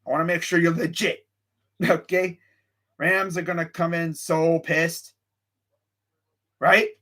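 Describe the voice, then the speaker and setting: An excitable young man talks his sports picks on a casual live stream, reacting to the chat as he goes. His voice sits a little higher than most men's, and he swings between amused disbelief and hyped-up excitement. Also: slow. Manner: excitable, animated, lots of sighs and laughs; reads live chat while talking. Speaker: sports show host.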